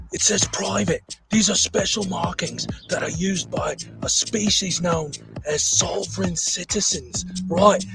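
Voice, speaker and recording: Man doing a put-on Australian nature-show guide, high-pitched, mock documentary narration, hushed then eager, music clearly underneath. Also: low-quality recording. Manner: hushed field-guide tone, bursts of excitement. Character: male Australian wildlife-show presenter, excitable. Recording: music playing clearly behind.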